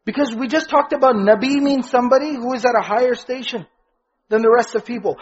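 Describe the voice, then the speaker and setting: Husky high-voiced man teaching a religious lesson. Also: brisk, highs cut off. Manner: questions to the audience, repeats key phrases with stress. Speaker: Islamic teacher. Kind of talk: religious lecture. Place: in front of a live audience.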